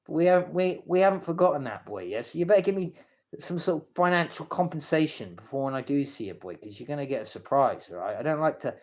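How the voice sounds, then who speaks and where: A man's voice: on the high side, animated, fast, a little mellow. A man ranting casually on a live stream, stammering and restarting his sentences, coarse and confrontational as he swears at people. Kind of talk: rambling live-stream rant.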